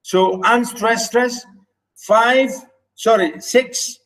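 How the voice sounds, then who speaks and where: A man teaching an online poetry lesson, chanting stress patterns syllable by syllable with halting pauses and restarts. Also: on the high side, rough recording. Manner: many fillers and restarts while explaining.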